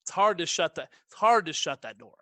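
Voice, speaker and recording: Man, higher bright voice, bouncy pitch, joking podcast co-host. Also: a little fast, no room sound, clean studio sound. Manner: animated, laughs a lot, jokey asides. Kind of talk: casual movie-review podcast chat. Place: his own room, recording remotely.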